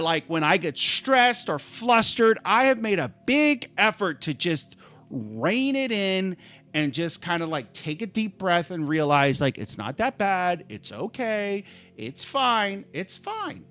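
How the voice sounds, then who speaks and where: A man hosting a live stream, telling a story in an animated, exasperated way, swinging from calm to yelling. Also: sits high.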